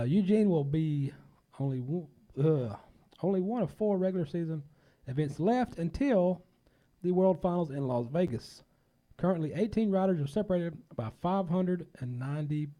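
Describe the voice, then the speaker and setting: A man's voice: fairly high pitch, dark tone. A man hosting a casual talk show, folksy and rambling, a bit under the weather.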